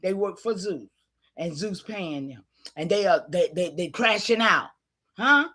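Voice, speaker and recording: A woman giving an impassioned, preachy livestream talk, calling out to her listeners and sometimes shouting in frustration. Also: lowish voice, expressive, unhurried, breathy edge. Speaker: online community leader.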